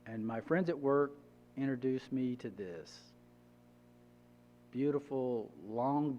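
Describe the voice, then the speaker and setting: A man's voice: mid-range voice, lo-fi sound. A middle-aged man giving a personal testimony as a church guest speaker, telling his story conversationally and acting out what others said. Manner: conversational, acts out quoted dialogue.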